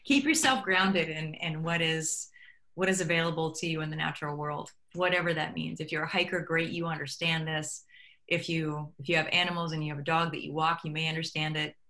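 A woman's voice: sits low, fairly quick. A middle-aged woman, a guest on an interview show, talking casually and acting out little exchanges as she tells stories. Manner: animated storyteller acting out quoted dialogue. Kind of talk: conversational interview.

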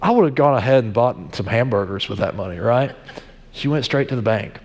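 A man's voice: mid-range voice, animated, a little fast, big-room sound. A male pastor giving a conversational sermon, telling stories with frequent restarts.

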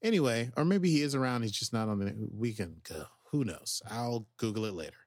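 An animated man chatting casually on a podcast, recapping a TV episode and slipping into the characters' lines. His voice sits in a middle range, recorded close on a dry mic. Lots of fillers keep the talk loose. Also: mid-range voice, brisk, no room sound. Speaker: podcast co-host.

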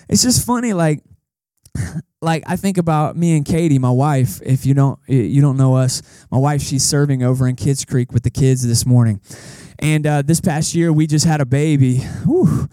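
A man's voice: sits high, animated, moderate pace, a little mellow, no echo. A young man preaching a casual sermon as pastor, joking and talking straight to the congregation. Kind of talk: conversational sermon. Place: church service held in a cinema.

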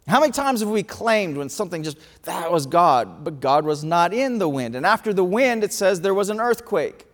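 A man preaching a sermon, telling a story with lively acted-out quotes. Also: high voice. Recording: reverberant hall.

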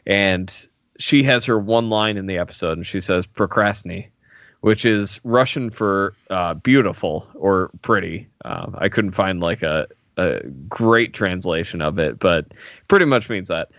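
A man's voice: sits low, measured pace, fairly bright tone, no room sound, lo-fi sound. A man co-hosting a podcast, recapping a TV episode in a laid-back casual chat. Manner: laid-back, laughs often. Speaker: podcast co-host.

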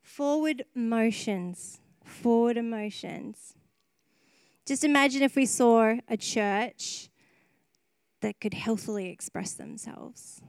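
A woman's voice: on the high side, slow pace, clear, resonant tone, no room sound. A woman preacher giving an earnest, emotional sermon at a church service, often laughing between phrases.

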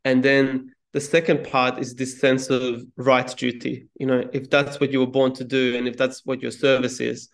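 A man being interviewed as a guest, telling a story in a calm, measured way with small restarts. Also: mid-range voice. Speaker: podcast guest, speaking coach. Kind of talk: reflective interview talk.

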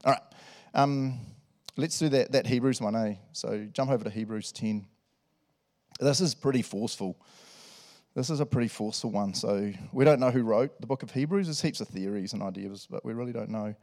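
New male pastor, casual sermon style, mid-range voice, warm enthusiasm and frequent asides. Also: medium pitch, moderate pace. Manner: chatty and enthusiastic, with lots of asides and "eh?". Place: church service.

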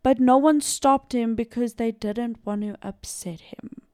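A woman's voice: a little high, measured pace, darkish tone, no echo, clean studio sound. A young South African woman narrating a true-crime case in a casual, chatty podcast style with lots of asides. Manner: chatty, filler-heavy storytelling with asides.

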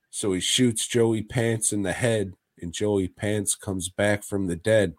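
Low, slow-talking podcast guy. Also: steady tone, no room sound, clean studio sound. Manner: profane, jokey storytelling. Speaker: podcast co-host. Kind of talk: casual chat, retelling a horror episode.

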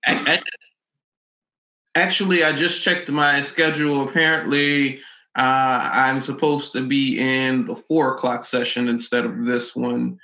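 A man in an improvised comedy sketch, talking in a hesitant, halting way. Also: medium pitch, little pitch movement, pushed and bright, echoey room, highs cut off. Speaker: comedy podcast regular.

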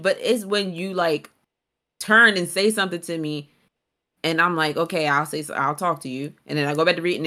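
Young woman, lowish voice, casual podcast chat, earnest and patient, mildly exasperated. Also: fairly bright tone. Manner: earnest, explains her complaint patiently with some exasperation. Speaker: podcast co-host.

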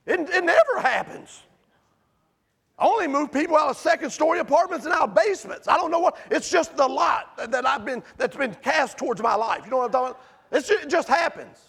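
A middle-aged man preaching a sermon in a church sanctuary, swinging from impassioned near-shouting to hushed pleading. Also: very high voice, creaky, breathy edge. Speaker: pastor.

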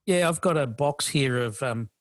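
Man, middle-aged, casual podcast chat, halting, dry recording. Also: mid-range voice, dry recording. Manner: rambling, full of fillers and restarts. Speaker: podcast co-host.

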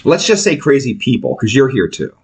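A man co-hosting a podcast, telling stories with profane, animated banter. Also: a little fast, breathy edge. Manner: animated storytelling with big pitch swings. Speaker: podcast co-host.

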